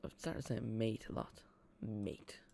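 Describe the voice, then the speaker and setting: With a little hiss or hum in the background, a young Irish man talks at a moderate pace in a steady, medium-pitched voice. Streaming a football watchalong from home, he gives rambling, casual commentary full of restarts.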